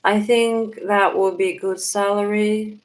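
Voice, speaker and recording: Woman, Russian accent, young adult, slow unhurried delivery, livestream chat host. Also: medium pitch, level tone, poor audio. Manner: unhurried, thinking aloud with fillers. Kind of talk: casual live chat.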